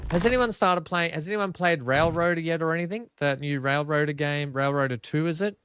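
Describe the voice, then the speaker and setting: Casually commentating a building game on a live stream, an Australian man in a home room talks to his chat and grumbles at his track, poking fun at his own frustration. His voice is a little high and a bit bright, moving fairly quickly with hardly any pauses. Slight background noise is present.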